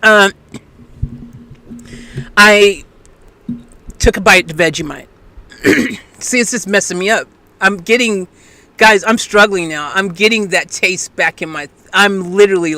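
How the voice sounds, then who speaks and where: Live-stream host, casual chat, rambling, animated, lots of restarts. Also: mid-range voice, measured pace, long pauses. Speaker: livestream host.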